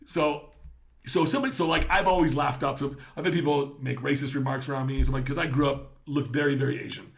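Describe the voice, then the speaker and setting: Gravelly, profane middle-aged man. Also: a little high. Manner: profane, animated storytelling. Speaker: podcast host. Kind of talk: casual podcast chat.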